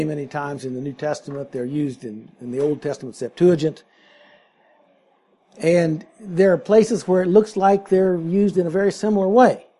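A man with a husky, slightly higher voice leads a Bible study. He works through a passage, explains the original Greek and puts questions to his listeners. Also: warm tone. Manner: explanatory, asks the class questions. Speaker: Bible teacher. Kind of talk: verse-by-verse Bible teaching.

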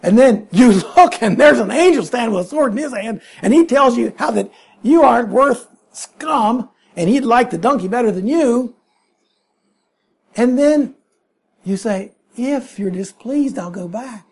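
A man's voice: very high-pitched, lively intonation, a little slow, creaky, slightly rough. A man preaching a sermon, emphatic and full of rhetorical questions.

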